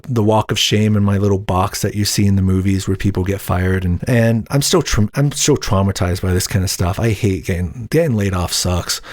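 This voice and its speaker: A man's voice: lowish voice, a little mellow, dry recording, studio quality. A young adult man hosts a solo podcast, telling a personal story in a candid, rambling, indignant way. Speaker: podcast host.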